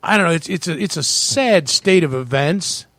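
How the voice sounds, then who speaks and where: A man's voice: a little high, expressive, moderate pace, fairly bright tone, no echo. Earnest man, dry close sound. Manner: reflective, earnest, speaks of God. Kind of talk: casual podcast chat.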